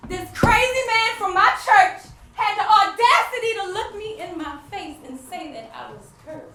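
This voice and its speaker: An actress playing a grieving wife who longs for a child, delivering an emotional stage monologue that moves between despair and faith. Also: female voice, a little high, expressive, slow pace, far from the mic. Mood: heartbroken. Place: theater stage. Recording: echoey stage miked from afar.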